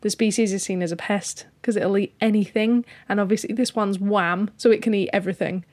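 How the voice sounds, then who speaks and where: A woman co-hosting a casual podcast, sharing news with a teasing, deadpan humor. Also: mid-range voice, a little fast. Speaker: podcast co-host. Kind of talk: casual chat, reading news.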